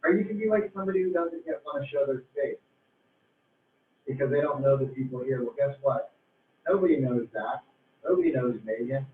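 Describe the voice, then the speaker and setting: A man's voice: medium pitch, a little fast. A man giving a motivational talk to a group, emphatic and repetitive, drawing out words to press his point. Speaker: motivational speaker. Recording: tinny, roomy, distant from mic.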